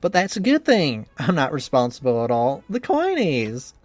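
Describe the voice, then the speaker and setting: A man's voice: mid-range voice, wildly swooping pitch, normal speed, a little mellow, no echo, soft background music. A man voicing a rambling, anxious young woman. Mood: earnest. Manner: earnest, rambling, self-doubting. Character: cheerful young woman trainer, anxious cook. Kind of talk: dramatic reading of a visual novel game.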